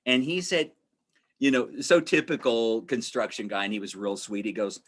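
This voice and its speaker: A man's voice: mid-range voice, normal speed, a bit bright. A man presenting a webinar in a conversational, storytelling way, repeating phrases for emphasis and acting out the voices of people he quotes.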